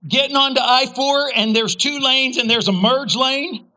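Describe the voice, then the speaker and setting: A man preaching a sermon as pastor, telling a story with humor and sudden loud outbursts. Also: extremely high pitch, moderate pace, low-quality recording.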